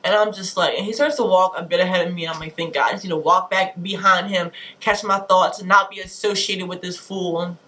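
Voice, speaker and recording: A young woman vlogger telling a bad-date story in an animated, exasperated way, acting out the quotes. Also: on the low side, fairly quick, hardly any pauses. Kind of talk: storytime vlog.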